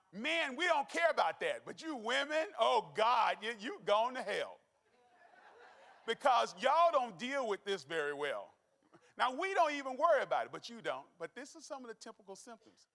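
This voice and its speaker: A middle-aged man giving a folksy, joking health talk as a doctor to a live audience. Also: sits high. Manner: folksy, animated, joking with the crowd. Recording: long hall reverb.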